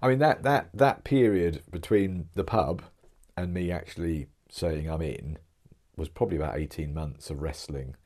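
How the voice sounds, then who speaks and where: A middle-aged man with an English Kent accent tells his story as a podcast guest, acting out what others said. His voice sits very low and sounds husky. He restarts phrases as he talks. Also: normal speed. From England. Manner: animated storyteller, acts out quotes, frequent restarts. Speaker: interview guest, author. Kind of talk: conversational storytelling.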